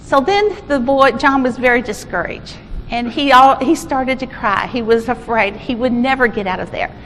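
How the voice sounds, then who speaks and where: A woman presents at a conference in an informal, storytelling style, often restarting her phrases. Her high voice echoes through a large hall, with faint ambient noise behind. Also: moderate pace. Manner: informal, self-correcting, animated storyteller.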